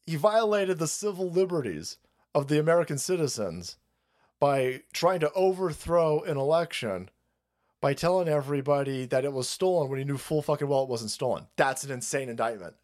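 A man ranting on a live stream, swearing freely and hammering his points again and again. His voice sits a little high for a man and swings widely in pitch. He mocks and jeers as he goes. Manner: heated, repetitive, mocking. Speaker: stream host. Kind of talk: profane political rant.

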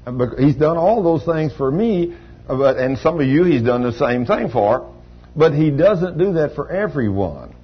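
A man's voice: a little high, expressive, moderate pace, slightly rough, highs cut off. An older man preaching a sermon in a folksy storytelling manner, with plain everyday grammar.

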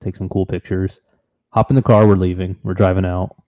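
A man co-hosting a podcast, telling a trip story in an animated, excitable, casual way. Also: low voice, fairly quick, lo-fi sound. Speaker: podcast co-host.

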